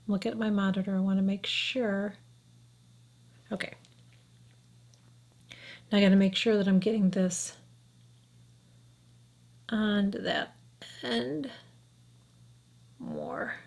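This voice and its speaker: A woman's voice: medium pitch, takes it slowly, pauses often, darkish tone. A frank, chatty woman in her fifties walks viewers through a makeup tutorial. She talks while she works at her mirror and keeps asking "okay?" as she goes. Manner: talks while applying makeup, sometimes drops to a whisper. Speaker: beauty vlogger.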